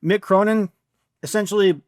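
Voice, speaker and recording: A man hosting a podcast, telling stories in an animated way and giving firm opinions. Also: high-pitched, moderate pace, no room sound, studio quality. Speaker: podcast host. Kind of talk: casual chat.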